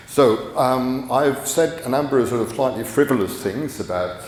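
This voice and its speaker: The voice sits low and has a darkish tone, belonging to a middle-aged man whose conference talk rambles, restarts, and leans on fillers. A little hiss or hum comes through, and the echoey hall is heard from afar.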